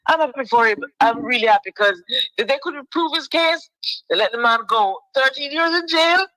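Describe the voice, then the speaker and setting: A woman's voice: high voice, expressive, normal speed, bright, forceful tone, no echo, rough recording. A woman calling in to a talk show by phone, emotional and effusively thankful. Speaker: caller.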